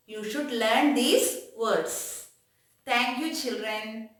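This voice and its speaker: A woman teaching young children in an online class, dictating slowly and repeating each word for them to write down. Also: fairly high pitch, a bit bright. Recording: echoey room.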